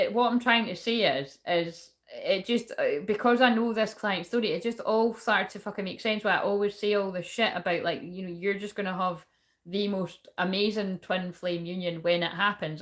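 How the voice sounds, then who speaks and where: A woman's voice: mid-range voice, normal speed. A young woman giving a casual spiritual reading, rambling and swearing often. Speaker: spiritual reader and shaman.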